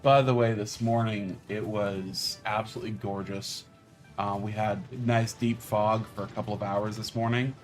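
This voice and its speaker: Male guest, lowish voice, rambling and filler-heavy casual talk. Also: fairly even intonation, normal speed, soft background music. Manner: rambling, describes things at length with many fillers. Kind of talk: casual livestream chat.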